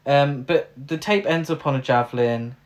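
A man's voice: medium pitch, moderate pace. Guy on a podcast, dry jokey film recap, lots of ums. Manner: wry, joking, many um fillers. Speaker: podcast co-host. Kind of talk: casual film recap chat.

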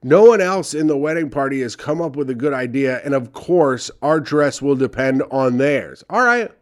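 A man's voice: mid-range voice, normal speed, a little mellow. A young man reading advice letters aloud and ranting about them with sarcastic, profane commentary. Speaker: comedy podcast host reading advice columns.

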